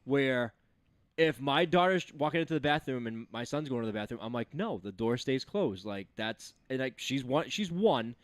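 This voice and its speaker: A man in his thirties co-hosting a podcast, telling stories in casual chat, jumping between loud and mumbled lines. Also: medium pitch, normal speed, no echo. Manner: animated storytelling, swings between loud and mumbled. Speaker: podcast co-host.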